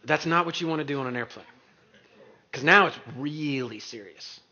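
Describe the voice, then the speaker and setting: A middle-aged man speaking to an audience, telling a story in an animated way and acting out the voices of others. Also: a little high, moderate pace. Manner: animated, acts out quoted voices. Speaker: real estate speaker. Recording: dull lo-fi recording.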